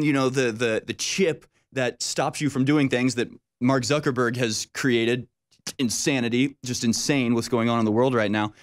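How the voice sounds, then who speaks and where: A man hosting a casual political conversation, speaking emphatically and often repeating his words. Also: mid-range voice.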